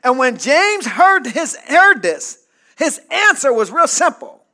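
A male pastor with a very high voice preaches slowly, his pitch swinging widely. He calls out to the congregation for responses and builds toward shouted peaks.

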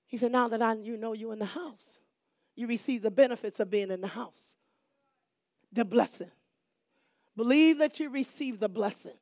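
In a call-and-response sermon, a woman pastor repeats phrases for emphasis while alternating between quiet lines and shouting. Her voice is on the high side, moving at a moderate pace with frequent pauses, and the audio is studio quality with no echo.

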